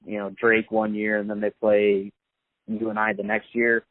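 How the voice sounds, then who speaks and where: Host guy talking casual, lots of ums and restarts, low voice, tinny phone sound. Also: sing-song, normal speed, gravelly, dry recording. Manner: hesitant, many fillers and restarts. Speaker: podcast host. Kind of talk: casual podcast talk.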